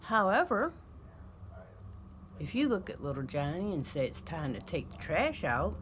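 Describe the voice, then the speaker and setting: Woman, low voice, slow emphatic lecturing, animated pitch, comic parenting lesson. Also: slight background noise. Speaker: vlogger giving parenting advice. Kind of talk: mock lesson, comic monologue.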